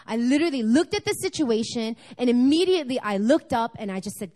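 A woman speaking at a church service, telling a personal testimony in an animated, storytelling way. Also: on the high side, brisk, few pauses. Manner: animated storytelling, acting out dialogue.

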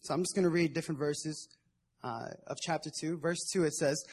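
A man's voice: a little high, steady tone, a little fast, a little mellow, breathy edge. A young man preaching at a prayer meeting in a casual, conversational way, retelling a Bible story in everyday slang. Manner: conversational, acts out Bible figures in modern slang. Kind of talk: casual sermon.

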